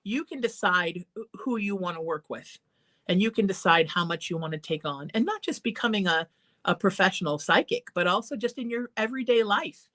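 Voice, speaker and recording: Brisk and expressive, her medium-pitched voice has a fairly bright tone. She hosts a call-in psychic show, draws on Irish heritage, and chats with callers while offering earnest encouragement.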